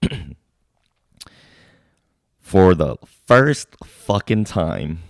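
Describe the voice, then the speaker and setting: A young man, a podcast co-host and army veteran from Sacramento, telling a story in casual chat, animated and swearing freely, acting out shouted drill exchanges. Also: deep voice, extremely slow, dry recording, clean studio sound.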